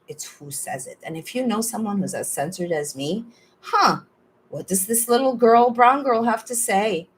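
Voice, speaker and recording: A woman's voice: on the low side, slight background noise, low-quality recording. A woman host chatting in a rambling, casual way at the end of a livestream, with a spiritual bent. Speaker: host and journalist.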